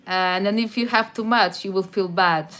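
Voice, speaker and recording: A woman with a Portuguese accent talks casually to her viewers, her voice at an ordinary middle pitch. She speaks in a halting way, restarting and repeating words as she goes. Faint music plays softly behind her. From Madeira, Portugal. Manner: chatty, halting with frequent restarts. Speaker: livestream host answering chat. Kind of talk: casual chat.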